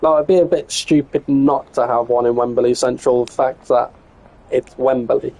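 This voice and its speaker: Gravelly English man streaming a game. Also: mid-range voice, flat delivery, moderate pace, mellow, low-quality recording. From England. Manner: chatty, mutters to himself, swears casually. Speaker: live streamer. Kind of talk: casual gameplay commentary.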